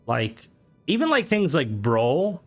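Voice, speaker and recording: Profane, jokey young Irish streamer. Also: male voice, wildly swooping pitch, slow, faint music behind. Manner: jokey and profane, voice jumping high when worked up. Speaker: game streamer. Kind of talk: casual live-stream chat, reading comments.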